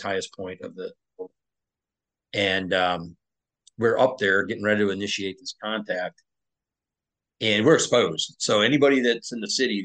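A man's voice: low voice, a bit bright, low-quality recording. A former Navy SEAL, a man, telling a war story as a podcast guest in a loose, conversational way, with fillers and restarts.

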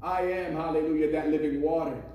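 A man's voice: a little high, steady tone, brisk, dull audio. A man preaching a sermon with fervor, repeating praise God and hallelujah between his phrases. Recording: echoey room, mic at a distance.

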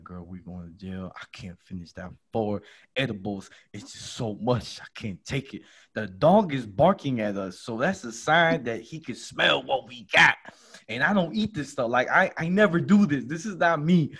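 A man hosting a podcast, telling a comedy story and acting out the voices in it. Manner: lively, acts out quotes with big jumps in pitch. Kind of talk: animated storytelling chat.

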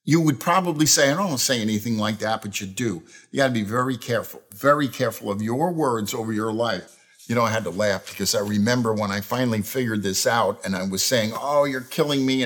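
A middle-aged man preaching a sermon, telling stories and acting out the phrases people say. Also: mid-range voice. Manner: animated storytelling, acts out quoted phrases. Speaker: pastor.

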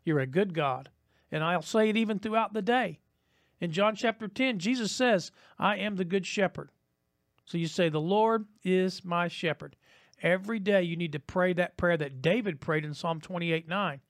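Man, pastor, sermon, high-pitched voice, emphatic repetition, dry close sound. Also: no echo. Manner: emphatic, rhythmic, repeats key lines.

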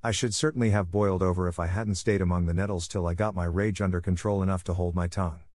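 A man's voice: low-pitched, fairly even intonation, fast, darkish tone, dry recording, clean studio sound, natural voice. A man voicing a hot-tempered tomboyish teenage girl who speaks sharply and indignantly, in a storybook reading. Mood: fuming.

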